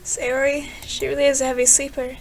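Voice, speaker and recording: A woman's voice: high-pitched, little pitch movement, a little fast, a little hiss or hum. A young woman gaming creator reading a visual novel aloud, trailing off and restarting her sentences. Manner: reads game text aloud, trailing off and restarting.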